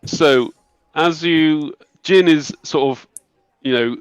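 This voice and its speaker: A man narrating as game master, telling the scene in an unhurried, descriptive way. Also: a little high, smooth, no echo. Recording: dull lo-fi recording.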